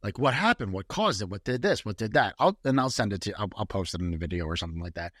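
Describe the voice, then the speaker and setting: A man's voice: fairly low pitch, big pitch swings, quick pace, a bit bright, no echo, clean studio sound. A man co-hosting a podcast in casual chat, rambling with restarts and frequent swearing. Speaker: podcast co-host.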